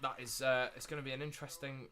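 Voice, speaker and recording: A young man hosting a live watchalong stream, chatting casually and repeating himself, getting loud and excited at big moments. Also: mid-range voice, quick pace. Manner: excitable, repeats phrases, shouts when thrilled.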